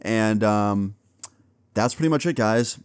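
A young man casually telling a personal story to his viewers, acting out the dialogue in an animated way and swearing now and then. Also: on the low side, slow pace, clear, resonant tone, no room sound, clean studio sound. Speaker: storytime vlogger.

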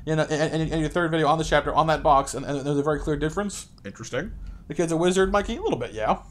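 A man's voice: fairly high pitch, very fast. A young man doing playful live gameplay commentary, chatting with viewers by name and coaxing game characters along. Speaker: streamer.

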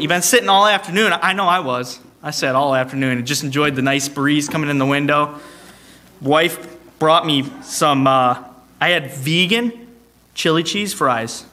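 High, bright-voiced church song leader man. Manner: playful, teasing, quick joking asides. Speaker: song leader and service host. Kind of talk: leading church service announcements. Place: church sanctuary, streamed online.

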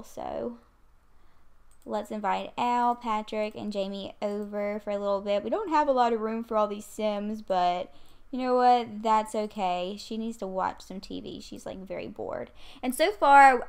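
A woman's voice: mid-range voice, moderate pace, gravelly, smooth. A woman giving casual gameplay commentary into a desk mic, chatty and easily annoyed, swearing now and then. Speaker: gaming video creator. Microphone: USB condenser desk mic.

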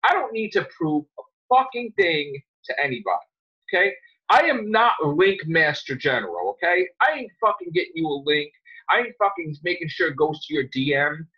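A man hosting a podcast, ranting angrily with lots of swearing and sudden loud outbursts. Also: fairly high pitch, sing-song, normal speed, slightly rough. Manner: heated, profane, jumps to loud outbursts. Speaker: podcast host. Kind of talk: angry podcast rant. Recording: dull lo-fi sound.

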